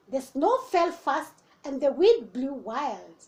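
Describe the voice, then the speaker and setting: A woman teacher reading a children's storybook aloud, expressive and animated, with asides to young listeners. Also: high voice, takes it slowly, hardly any pauses.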